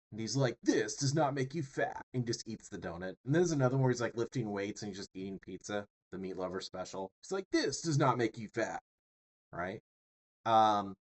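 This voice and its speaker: A man teaching public speaking in a chatty, joking lecture full of rambling asides. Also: medium pitch. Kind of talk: casual lecture.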